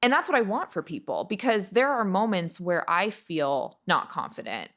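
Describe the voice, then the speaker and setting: A woman's voice: mid-range voice, very animated, normal speed, fairly bright tone. A woman from Washington state, a beauty brand founder, talking in a heartfelt podcast interview in an earnest, reflective way, often restarting her sentences. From Washington, USA. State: emotional, near tears.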